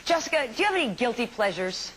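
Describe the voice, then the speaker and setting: Game show host lady, kinda high voice, bubbly and laughy, noisy tv audio. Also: big pitch swings, fast. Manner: bright, chatty, laughs easily, sing-song emphasis. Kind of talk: upbeat game show hosting.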